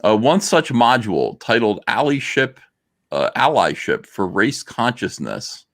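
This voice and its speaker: A man's voice: mid-range voice, big pitch swings, unhurried, a bit bright. A man from the US hosting a livestream, ranting sarcastically in a comment-reading commentary. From United States. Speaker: livestream host.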